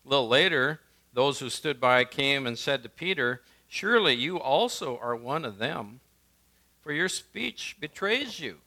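A male pastor, preaching a sermon and swinging from emphatic lines to hushed ones. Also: medium pitch, lively intonation, measured pace.

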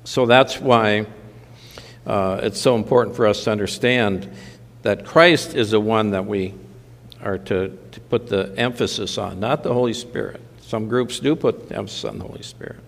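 A man's voice: lowish voice, moderate pace, creaky, big-room sound. A man preaching a conversational sermon, with mildly sardonic asides. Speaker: pastor.

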